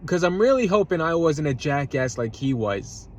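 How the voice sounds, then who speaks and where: A man's voice: fairly high pitch, sing-song, moderate pace, a little hiss or hum. A man telling a road-rage story in a heated, profane rant, repeating himself, his voice jumping up when he gets upset. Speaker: vlogger. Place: at home, eating a salad.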